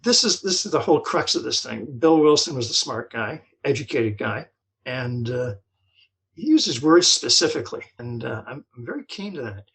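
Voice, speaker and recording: An older man from New Jersey telling his story as a guest, halting and repeating words as he talks. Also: medium pitch, animated, creaky, fairly bright tone, rough recording. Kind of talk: personal recovery story.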